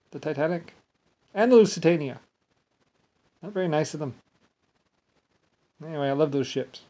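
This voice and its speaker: A man's voice: fairly high pitch, animated, normal speed, pauses often, dark tone. A man talking alone in a rambling monologue, meandering, with frequent restarts and trailing asides.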